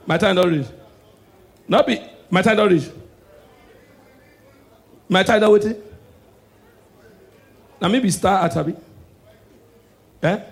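High-voiced Nigerian stand-up comedian. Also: male voice, gravelly. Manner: loud, animated punchlines mixing Pidgin and English. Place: live stage show.

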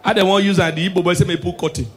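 A man with a Nigerian Pidgin English accent does a stand-up set, swinging from hushed, preachy asides to shouted punchlines. His voice sits high with a steady tone, he talks at a racing speed, and there is slight background noise.

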